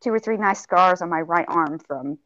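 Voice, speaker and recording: Southern woman, animated casual talker, lowish voice, dry lo-fi stream audio. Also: moderate pace, no echo. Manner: animated, drawling, says honey and y'all. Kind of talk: casual chat.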